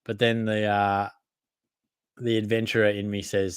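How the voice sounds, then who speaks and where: A man's voice: fairly low pitch, little pitch movement, a little slow, long pauses, clean tone, dry recording, studio quality. A young man with an Australian accent hosting a live Q&A, reading out viewer comments and answering in a casual, matey way, often laughing at himself. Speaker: fantasy football podcast host.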